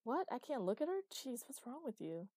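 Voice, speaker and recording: A woman's voice: fairly high pitch, big pitch swings, fairly quick, dark tone, no echo, studio quality, pitched above the performer's own voice. A woman voicing a sarcastic young man who keeps interrupting with jokes.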